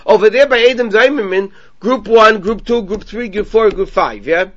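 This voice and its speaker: Guy teaching talmud, high sharp voice, keeps repeating each point, muffled lo-fi sound. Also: normal speed. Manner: repetitive, restates each point. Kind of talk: Talmud class, reading and translating line by line. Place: synagogue study class. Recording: dull lo-fi recording.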